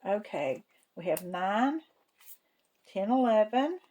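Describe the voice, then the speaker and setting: A woman runs a savings vlog, narrating a casual cash-stuffing session in a folksy, homey style while counting money aloud to herself. Her mid-range voice is mellow and expressive, she takes her time, and the audio is lo-fi.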